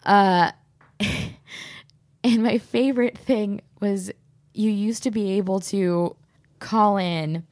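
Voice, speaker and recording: A woman's voice: mid-range voice, steady tone, slow, long pauses, a little mellow, no room sound. A young woman hosting a podcast, telling stories in a casual, giggly way. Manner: storytelling, giggly, does silly voices. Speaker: podcast host. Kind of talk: casual chat.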